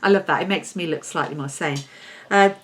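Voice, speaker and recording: A woman's voice: low-pitched, fast talker. A woman hosting a podcast, chatting casually and cheerfully to camera as she congratulates listeners. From England. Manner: chatty and upbeat, scolding her dog between shout-outs. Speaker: podcast host.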